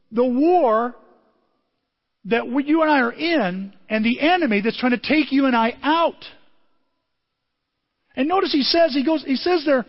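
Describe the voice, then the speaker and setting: Animated preacher man in an echoing hall. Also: very high voice. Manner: animated storytelling, shouting out in excitement. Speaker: pastor. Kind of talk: sermon. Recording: dull lo-fi audio in a reverberant hall.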